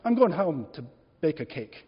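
A man's voice: on the high side, very animated, moderate pace, husky, exaggerated voice. A man reading a children's story aloud, voicing a blunt, greedy male toad who only wants more sweets. He gives the toad a matter-of-fact delivery. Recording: echoey hall, dull lo-fi sound.

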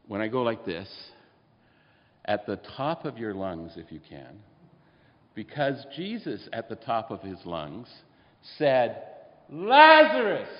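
A man with a fairly low voice preaches a sermon, talking to his congregation in a loose, conversational way and often asking them questions. His voice rings out with a long reverb, as if in a large church sanctuary. The recording sounds dull and lo-fi. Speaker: pastor.

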